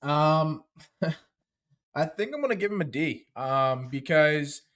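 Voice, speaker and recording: A man co-hosting a sports podcast, talking in a hesitant, halting way with many fillers. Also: on the high side, expressive, fairly bright tone. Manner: hesitant, lots of ums. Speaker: podcast co-host. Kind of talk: casual sports talk.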